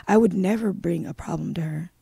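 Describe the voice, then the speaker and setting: A woman speaks as an interview guest in a low, even, subdued way, her voice husky with a gravelly fry. Her tone is mellow rather than bright, and the sound is dry and close. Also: brisk, dry recording. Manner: subdued, earnest storytelling. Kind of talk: personal testimony in a live-streamed interview.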